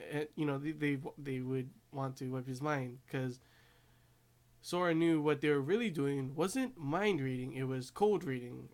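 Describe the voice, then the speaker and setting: A man giving a casual, rambling recap of an anime episode, laughing often along the way. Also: mid-range voice. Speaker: anime reviewer.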